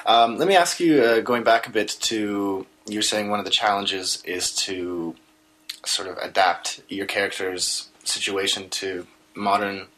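A man's voice: fairly low pitch, measured pace, bright, forceful tone, low-quality recording. A man hosting a radio arts interview, asking questions with hesitant repeated words.

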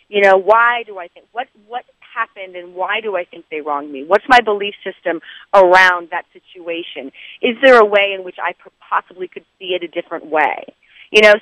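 A woman's voice: medium pitch, sharp tone, no echo, poor audio. A woman author speaking as an interview guest, talking from outdoors over the phone in a chatty, rambling way with many fillers.

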